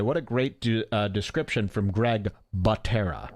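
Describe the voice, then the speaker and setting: A man's voice: lowish voice, moderate pace, few pauses, a little mellow, dry recording, clean studio sound. Sarcastic male podcast host. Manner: mocking, reads tweets aloud in sarcastic put-on tones. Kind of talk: casual comedic podcast commentary.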